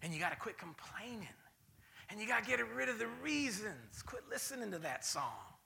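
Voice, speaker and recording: A man preaching a sermon as pastor, swinging between loud bursts and mocking voices. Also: high voice, very animated, moderate pace, gravelly, slight background noise.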